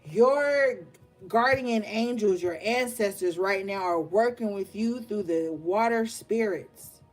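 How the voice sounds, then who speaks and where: A woman in her young adult years gives a tarot reading in a slow, unhurried drawl. She talks bluntly, swears freely and laughs often as she hypes up her listeners. Her voice sits at a middle pitch. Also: soft background music. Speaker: tarot reader. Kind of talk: casual spoken tarot reading.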